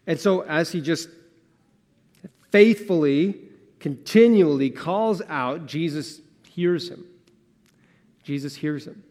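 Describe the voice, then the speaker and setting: A man preaching a sermon as pastor, earnest and conversational, moving between emphatic lines and hushed asides and posing rhetorical questions. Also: fairly high pitch, expressive, a little slow, pauses often. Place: church sanctuary. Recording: long church reverb.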